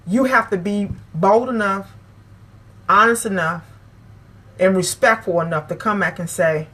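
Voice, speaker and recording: Speaking a little slowly, with a pushed, bright mid-range voice and frequent pauses, a woman uses her channel to lecture her audience. She repeats herself emphatically to drive each point in.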